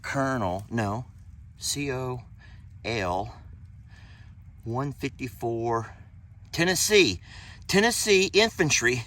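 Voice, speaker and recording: Male vlogger, unhurried, homespun, heartfelt. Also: medium pitch, lively intonation, a bit bright. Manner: slow, heartfelt, folksy talk. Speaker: channel host. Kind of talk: emotional outdoor vlog. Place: outdoors in wooded cemetery.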